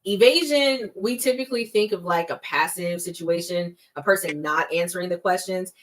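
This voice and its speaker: A woman's voice: on the low side, poor audio. A woman in her thirties, a guest expert on a podcast, explaining fraud warning signs in an emphatic, conversational way. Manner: emphatic, acts out scam calls in quick bursts.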